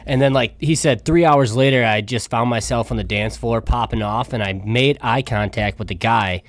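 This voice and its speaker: A man's voice: medium pitch, normal speed, dry recording. Loose, profane man with a dry sound. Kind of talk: casual podcast chat.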